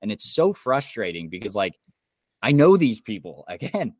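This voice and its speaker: A man's voice: lowish voice, big pitch swings, moderate pace, no room sound, clean studio sound. A young man from Indiana co-hosting a podcast, ranting angrily and swearing. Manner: heated, swearing rant. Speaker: podcast co-host. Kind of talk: casual podcast chat.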